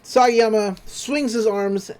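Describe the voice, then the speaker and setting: High-voiced guy recapping an anime. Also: steady tone, slow, a little mellow. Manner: loose retelling, breezy paraphrased quotes, frequent fillers. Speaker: podcast co-host recapping an anime episode. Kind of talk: casual chat.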